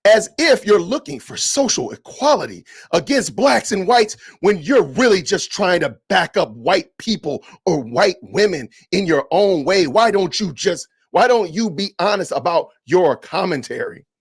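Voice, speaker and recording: A man hosting a podcast livestream, reading comments aloud with animated, indignant, preachy ranting. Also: sits high, unhurried, hardly any pauses, breathy edge. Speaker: podcast host.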